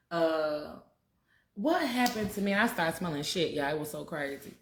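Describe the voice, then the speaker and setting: A woman talks casually and bluntly to her livestream viewers, swearing freely. Her voice sits on the low side. The room around her is roomy and echoey. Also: lively intonation, normal speed, slight background noise. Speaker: spiritual talk host.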